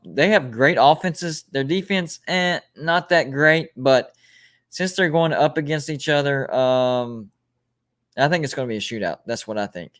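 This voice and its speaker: A man's voice: mid-range voice, a bit bright. A man hosting a casual sports live stream, reading out ranked lists and viewer comments, rambling and often correcting himself. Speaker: sports livestream host.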